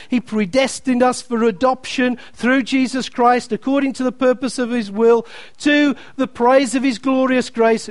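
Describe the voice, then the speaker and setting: A man's voice: very high voice, no echo. A man preaching a sermon, emphatic and repeating key phrases, reading scripture aloud with playful asides to the congregation.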